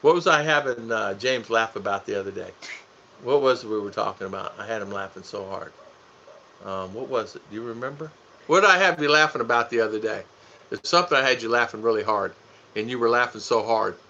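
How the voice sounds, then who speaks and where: A man's voice: fairly low pitch, a little fast, creaky, bright, forceful tone, a little hiss or hum. A man co-hosting a casual live stream, joking with his wife and greeting viewers by name. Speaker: vlog co-host. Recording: dull lo-fi sound.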